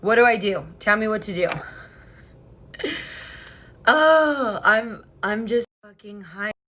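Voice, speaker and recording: Excitable young woman, bright voice. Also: medium pitch, slow pace, slight background noise. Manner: excitable, swears a lot, animated storytelling. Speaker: vlogger. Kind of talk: casual chat. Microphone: headphone mic.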